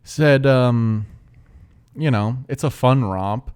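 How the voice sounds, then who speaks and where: A man's voice: mid-range voice, takes it slowly, a little mellow, clean tone. A young man co-hosting a movie podcast, laid-back and casual, explaining things to his co-host. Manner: laid-back, drifts into mock quotes.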